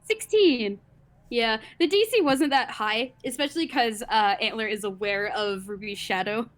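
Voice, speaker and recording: A woman's voice: on the high side, moderate pace. A woman casually narrating in a tabletop game, chatty and giggling often.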